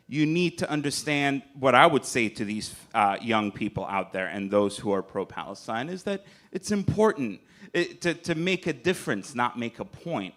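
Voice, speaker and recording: A man's voice: medium pitch, sing-song, normal speed, a bit bright. A man from Gaza speaking as a conference panelist, emphatic and urgent, repeating phrases to drive his points home. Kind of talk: impassioned panel remarks. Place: conference hall.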